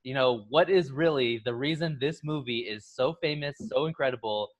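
A man in a casual film discussion, an animated storyteller who acts out the scenes he describes. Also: medium pitch, normal speed.

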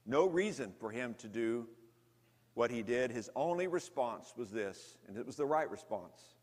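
A man preaching a sermon, telling a story dramatically, rising to loud intensity and dropping to hushed, slow lows. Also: expressive, in a large hall.

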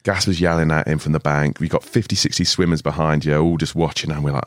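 Very deep-voiced young man, swearing. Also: steady tone, fast, dry recording, clean studio sound. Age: 20s. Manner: laid-back, swears often, laughs through stories. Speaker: podcast guest. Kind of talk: casual storytelling chat. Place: podcast studio.

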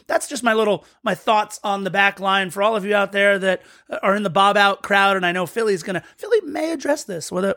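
Podcast co-host, male, high pitch, eager rambling match breakdown, dry close sound. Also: a bit bright, dry recording. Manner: eager, rambling analysis with restarts. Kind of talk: casual match-recap chat.

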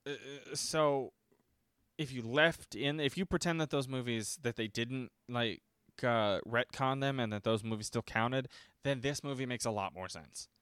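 A man's voice: mid-range voice, measured pace, fairly bright tone, smooth, no echo, clean studio sound. Sarcastic, profane man ranting about a movie. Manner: profane, sarcastic, acts out quotes in mocking voices. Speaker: podcast host reviewing a horror movie. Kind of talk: casual ranting movie commentary. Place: home.

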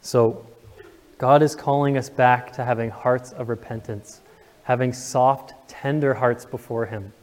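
A man's voice: mid-range voice, fairly even intonation, unhurried, long reverb tail. A young man preaching a sermon to his congregation, earnest and emotional, asking the room questions. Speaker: pastor. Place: church sanctuary.

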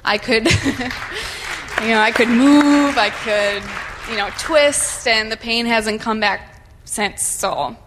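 A woman's voice: a little high, slow, crowd noise, background noise. A woman nervously sharing a personal testimony in church, hesitant and full of fillers, with a shaky voice. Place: church sanctuary.

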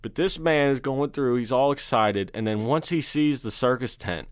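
A man's voice: medium pitch, moderate pace, clean tone, dry recording, studio quality. Earnest man rambling in casual chat. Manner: earnest, rambling, many fillers. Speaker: podcast co-host.

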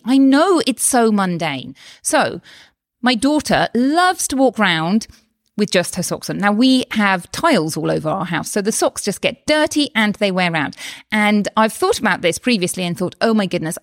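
A chatty woman hosts her own health podcast in a casual solo monologue. She talks in an animated way, full of exclamations and quick asides, at a middling pitch. The recording is close and dry, with no room sound. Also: dry recording. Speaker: health coach and podcast host. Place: lives in Spain.

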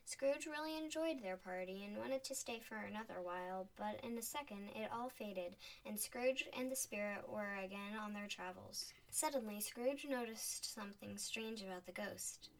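A woman reading a storybook aloud in a clear, expressive way. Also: mid-range voice, normal speed, hardly any pauses. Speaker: narrator. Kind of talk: storybook narration. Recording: voice a bit distant from the mic.

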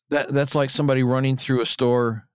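A man co-hosting a podcast, recapping episode scenes in casual chat and now and then mimicking characters in a higher voice. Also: clean tone, no echo, studio quality. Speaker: podcast co-host.

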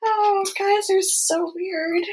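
A woman co-hosting a podcast who breaks in with incredulous, quick reactions in casual movie chat. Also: very high voice, fairly even intonation, a little mellow, poor audio. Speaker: podcast co-host.

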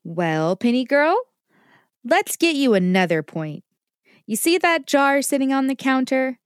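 A woman's voice: high voice, big pitch swings, measured pace, dry recording, studio quality. A woman voicing a patient, caring mother who teaches her child kitchen safety. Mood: warm. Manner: patient and instructive. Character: gentle, safety-minded mother.

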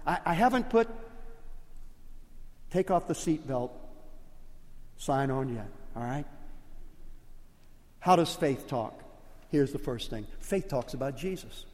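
An older man with a Cajun accent, a pastor preaching a sermon with impassioned swings from hushed to loud. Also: medium pitch, lively intonation, takes it slowly, long pauses, long reverb tail. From Louisiana, USA.

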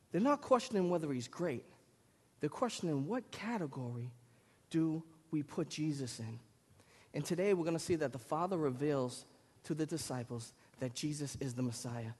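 A man's voice: a little high, husky. Lynn-accented preacher man in reverberant hall. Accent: Lynn, Massachusetts. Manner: animated storytelling, rising to loud bursts. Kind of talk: sermon.

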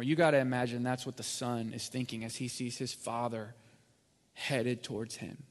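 A man preaching a sermon as pastor, rising to loud peaks and dropping to near whisper. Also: mid-range voice, fairly even intonation, normal speed. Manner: builds from quiet to loud, then drops to near whisper. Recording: long hall reverb.

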